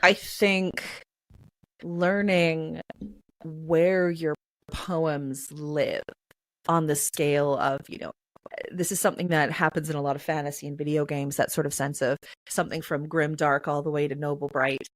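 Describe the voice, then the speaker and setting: A woman guest in an interview, explaining in a chatty, animated way with many filler phrases. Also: sits low, measured pace, no room sound, rough recording. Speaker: poetry reader and performer, interview guest.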